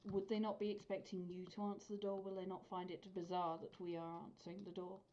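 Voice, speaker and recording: A woman's voice: medium pitch, little pitch movement, brisk, darkish tone. A woman playing a tabletop game, describing her character's actions. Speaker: player. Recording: dull lo-fi mic with faint noise.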